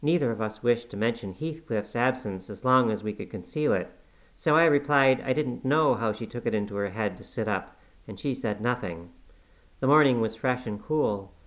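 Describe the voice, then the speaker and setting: A man's voice: mid-range voice, normal speed, fairly bright tone, low-quality recording. Man narrating a classic novel. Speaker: audiobook reader. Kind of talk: scripted narration.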